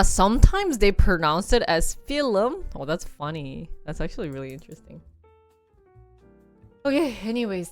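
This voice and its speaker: A woman's voice: on the low side, clean tone. A woman streamer in a rambling, casual chat who laughs easily and wanders into asides.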